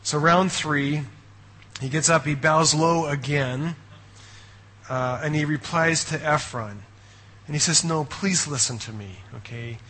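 A male pastor telling a story in a sermon with lively, conversational energy, often tossing in "okay?" and "right?". His voice sits a touch high and sounds bright and forward, with a husky grain. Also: slow pace, long pauses. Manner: animated storytelling.

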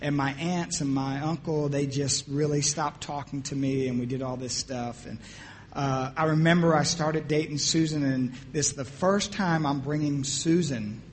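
A middle-aged man from New Jersey preaching a sermon, telling his own testimony in an animated, humorous storytelling way. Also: a little high, moderate pace, slight background noise.

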